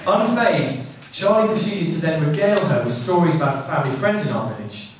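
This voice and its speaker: A man giving a best man's wedding speech, delivering dry jokes and pausing for laughter. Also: fairly high pitch, expressive. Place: wedding reception hall. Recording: echoey hall from far off, crowd laughing. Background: guests laughing.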